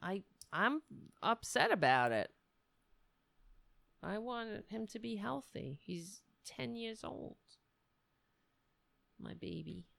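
A woman's voice: medium pitch, animated, slow pace, gravelly, long pauses, a bit bright, no echo. A middle-aged woman hosting a casual livestream, rambling and self-mocking as she chats to viewers and her cat. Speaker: livestream host.

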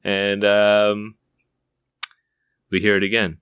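Man with a smooth, low voice telling a story. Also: moderate pace, sharp tone, dry recording. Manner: laughing storyteller, spinning an improvised plot. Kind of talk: casual chat.

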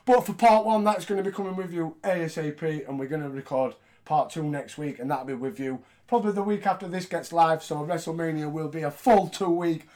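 A man's voice: fairly high pitch, a little fast, darkish tone. A man hosting a casual podcast, joking and swearing as he talks. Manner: joking, profane and mocking. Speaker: podcast host.

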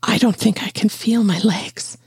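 A storyteller voicing a flustered, breathless young woman in a raised, squeaky voice. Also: steady tone, measured pace, darkish tone, breathy edge, no room sound.

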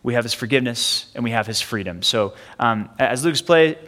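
Man, pastor, sermon, conversational with fillers, bright forceful tone, long hall reverb. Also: medium pitch, lively intonation. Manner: conversational, with fillers and quick asides. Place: church sanctuary.

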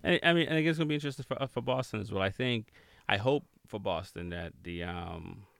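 A man's voice: lowish voice, a little fast, gravelly, fairly bright tone, dry recording. A man hosting a radio show, chatting casually about sports with lots of ums and restarts.

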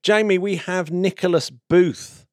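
A man's voice: sits high, steady tone, unhurried, darkish tone, no echo. Chatty self-deprecating man, dry close sound. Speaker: podcast co-host. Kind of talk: casual chat.

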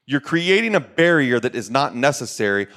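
A man's voice: mid-range voice, big pitch swings, moderate pace, vocal fry, a bit bright. Emphatic, preachy middle-aged man. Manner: preachy, emphatic, repeats lines for stress. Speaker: podcast co-host, former coach. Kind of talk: motivational podcast talk.

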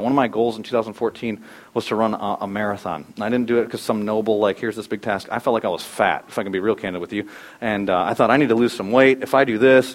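A middle-aged male pastor preaching a sermon, telling a personal story with animated shifts and acted-out quotes. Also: fairly low pitch.

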